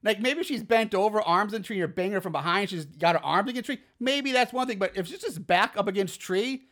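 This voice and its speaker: A man's voice: high-pitched, a little fast, fairly bright tone. A man co-hosting a podcast, rambling through crude, laughing asides about a horror movie. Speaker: podcast co-host. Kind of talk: casual profane movie discussion.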